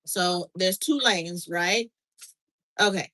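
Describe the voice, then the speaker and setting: A woman's voice: fairly low pitch, slow pace, low-quality recording. A middle-aged woman hosting a casual chat, animatedly recounting a story and checking in with her listener. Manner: animated, reenacts dialogue, frequent "okay?" check-ins. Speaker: podcast host.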